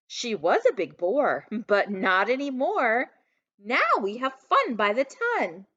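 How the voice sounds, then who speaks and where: A woman's voice: fairly high pitch, big pitch swings, takes it slowly, voice pushed up, full character voice. A woman playing a giddy, eager little girl. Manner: bright, eager and bouncy. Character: cheerful, giddy little girl who mishears everything. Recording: dull lo-fi recording.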